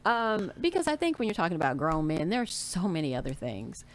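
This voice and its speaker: A woman's voice: lowish voice, very animated, brisk, slight background noise. A woman in her forties chatting candidly as an interview guest, telling her story and acting out what people said to her. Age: 40s. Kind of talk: casual interview chat.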